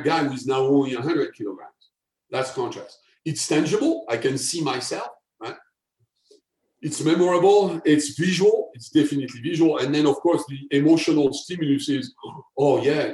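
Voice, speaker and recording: A man, a guest expert, explaining step by step with examples and often checking in with a quick tag question. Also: a little high, darkish tone. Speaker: guest, sales persuasion expert. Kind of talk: explanatory interview talk. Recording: echoey room.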